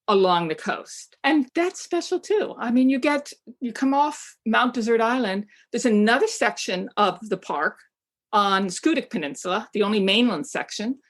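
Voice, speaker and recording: A woman from Maine, a travel guidebook writer, chatting enthusiastically as an interview guest, with frequent fillers and restarts. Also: medium pitch. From Maine, USA. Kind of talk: casual interview chat.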